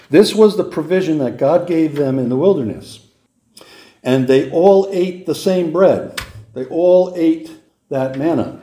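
A man preaching a sermon, teaching deliberately verse by verse and repeating key points for emphasis. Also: medium pitch, warm tone. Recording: echoey room.

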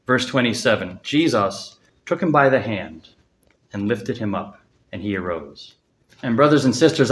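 A man preaching a sermon, earnest, lifting his voice for emphasis and dropping soft on key words. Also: mid-range voice, lively intonation, normal speed. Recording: echoey room.

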